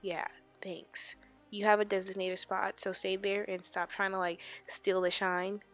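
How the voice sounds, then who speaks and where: Chatty young woman in a loud whisper. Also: medium pitch, flat delivery, unhurried, soft background music. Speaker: beauty vlogger. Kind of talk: makeup tutorial voiceover. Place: home, late at night.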